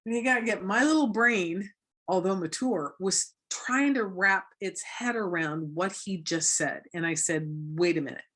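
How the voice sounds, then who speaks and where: A woman from Florida, a guest on a talk show, telling her story in a lively way and acting out the voices of the people she quotes. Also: medium pitch, moderate pace. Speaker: guest, anti-trafficking educator. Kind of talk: casual interview talk.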